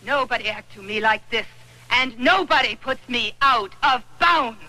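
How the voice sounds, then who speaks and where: A woman's voice: a little high, unhurried, sharp tone, low-quality recording. An actress playing a proud young Italian woman who speaks broken English with an Italian accent, defiant in a film drama. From Italy. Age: young adult.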